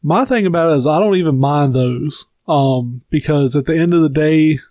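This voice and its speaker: Blunt Southern man, fairly high voice. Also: moderate pace, a little mellow, dry recording. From Southern United States. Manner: blunt, profane, emphatic. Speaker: podcast co-host. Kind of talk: casual opinionated chat.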